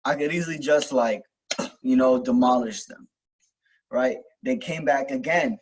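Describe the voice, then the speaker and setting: A man's voice: medium pitch, measured pace, long pauses, slightly rough, low-quality recording. A young man telling a personal story in casual, rambling talk, full of fillers, restarts and swearing, as host of a self-help video.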